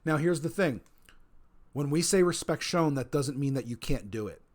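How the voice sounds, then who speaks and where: A man's voice: fairly high pitch, lively intonation, moderate pace, a little mellow. Rambling male streamer who repeats himself. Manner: rambling, repeats points for emphasis, reads chat messages aloud. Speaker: streamer and storyteller of a role-play server. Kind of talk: casual livestream chat.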